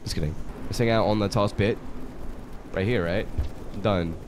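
A young man giving loose, excitable commentary while playing a video game, swearing often and talking to his chat. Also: on the low side, normal speed, noisy background. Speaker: gaming streamer. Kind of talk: casual let's-play commentary. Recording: game music playing behind. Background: game music.

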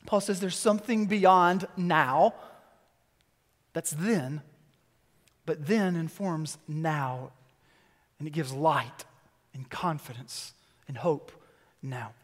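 High-voiced man preaching in a reverberant church. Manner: lively storytelling with quick asides. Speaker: pastor. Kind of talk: sermon. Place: church sanctuary. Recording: long church hall reverb.

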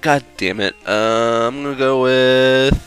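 A man's voice: medium pitch, slow, fairly bright tone, clean tone, soft background music. A young man doing gameplay commentary, swearing and groaning whenever the game turns against him. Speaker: let's play commentator.

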